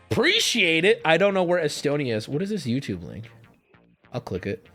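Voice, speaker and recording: A man's voice: fairly high pitch, sing-song, fairly quick, fairly bright tone, soft background music. A man hosting a livestream, chatting casually with his viewers in a rambling, profane way. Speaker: streamer host.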